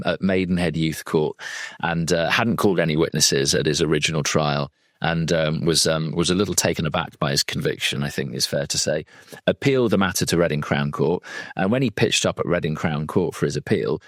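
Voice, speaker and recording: A man's voice: a bass voice, no echo, clean studio sound. A man, a legal trainer and former defence lawyer, talking through a case in a chatty, digressive way with plenty of asides. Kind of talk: conversational legal training talk.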